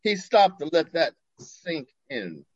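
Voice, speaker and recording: An older man tells a story with theatrical expression, his voice fairly high and swinging widely in pitch. He speaks over a video call from his porch. The sound is dry and a little dull. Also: very animated, takes it slowly, darkish tone, breathy edge, no room sound. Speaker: guest. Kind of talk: storytelling in an interview. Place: home porch.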